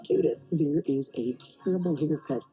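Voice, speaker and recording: A woman's voice: deep voice, normal speed, close to an everyday voice. An actress playing a wisecracking female assassin in a film trailer, dry and sardonic. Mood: wry. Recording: dull trailer audio over music.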